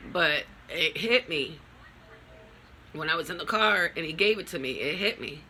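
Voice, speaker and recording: A grieving middle-aged woman talking in a personal vlog, halting and raw, in broken phrases. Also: low voice, expressive, bright, forceful tone, slight background noise. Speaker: vlogger.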